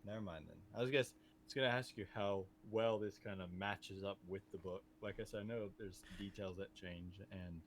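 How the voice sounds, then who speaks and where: A man's voice: fairly low pitch, a little fast, a little hiss or hum. Rambling man chatting casually about a movie. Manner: rambling, animated, trails off and restarts. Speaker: podcast co-host.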